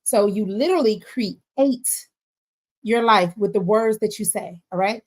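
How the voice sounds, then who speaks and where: A woman giving a casual faith-based motivational talk, expressive and often checking in with her listeners. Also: mid-range voice, unhurried. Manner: expressive, frequent "all right?" check-ins.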